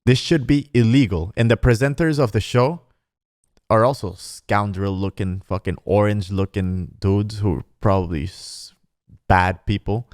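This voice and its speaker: A man's voice: low-pitched, darkish tone, dry recording, studio quality. A man hosting a podcast, ranting sarcastically with lots of swearing, calling the listener bro and mocking people in exaggerated put-on voices. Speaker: podcast host. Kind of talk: casual podcast rant.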